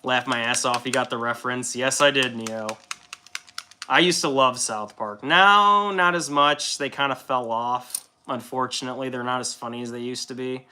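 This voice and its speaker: A man's voice: mid-range voice, steady tone, normal speed, sharp tone, a little hiss or hum. A man streaming casually while painting, rambling in a laid-back way and swearing freely.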